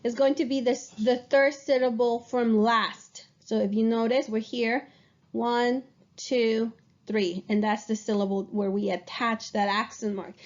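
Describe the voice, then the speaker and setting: A woman's voice: on the high side, steady tone, measured pace, lo-fi sound. A woman teaching Spanish grammar to a class, explaining patiently and checking in with her students.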